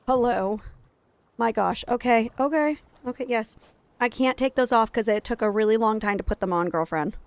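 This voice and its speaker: A woman streaming from home late at night, chatting casually, laughing often and cooing softly to her toddler. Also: a little high, normal speed, smooth, no echo. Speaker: game streamer and mother. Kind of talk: casual live-stream chat.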